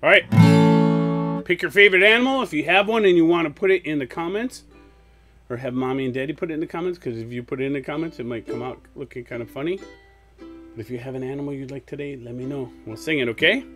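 A man's voice: fairly high pitch, quick pace. A man hosting a live children's music show, singing farm songs and chatting playfully between verses. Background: guitar strumming.

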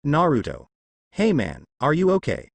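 A man's voice: on the high side, huge pitch swings, normal speed, gravelly, no room sound, exaggerated voice. A man voicing a worried young male satyr friend in a storybook reading.

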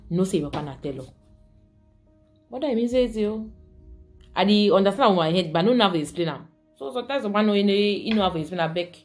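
With faint music behind her, a Cameroonian woman with a lowish voice speaks fairly quickly in her casual vlog. Her accent is Cameroonian Pidgin English, and as she chats with viewers she laughs a lot and switches back and forth between pidgin and English.

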